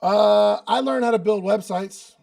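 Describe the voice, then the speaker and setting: Chatty coach guy, really gravelly voice, slangy and repeats himself a lot. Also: sits high, measured pace, darkish tone. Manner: loose and chatty, uses slang and repeats phrases for emphasis. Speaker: podcast host and business coach. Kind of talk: casual coaching talk at a live online meeting.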